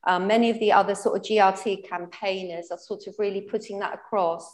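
A woman poet talking thoughtfully on a panel, pausing and restarting often. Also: mid-range voice, steady tone. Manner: thoughtful, hesitant with many restarts. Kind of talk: panel discussion at a literary event. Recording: roomy hall sound.

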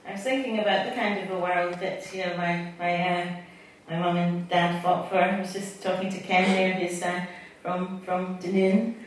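A woman's voice: fairly low pitch, little pitch movement, moderate pace, slight background noise. A middle-aged Scottish woman poet, chatty and self-mocking between readings, speaking to a live audience. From Scotland. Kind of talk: poetry reading with chat between poems. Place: event hall with a live audience. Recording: echoey hall, distant mic, faint audience.

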